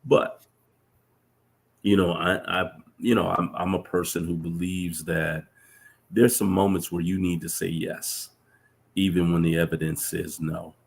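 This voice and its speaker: A man's voice: flat delivery, a little slow. A man, a professor, telling reflective stories in a casual conversation, earnest and full of restarts. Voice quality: deep gravelly voice. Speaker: professor, guest.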